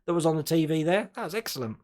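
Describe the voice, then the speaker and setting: A man's voice: fairly high pitch, animated, racing, darkish tone. A man from Australia hosting a casual live stream, chatting and laughing often and tripping over his words now and then.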